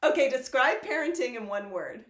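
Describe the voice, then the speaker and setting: A woman's voice: high voice, lively intonation, moderate pace, fairly bright tone. A woman hosting a casual interview, frank and jokey, telling funny stories and laughing often. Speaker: host. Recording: roomy echo.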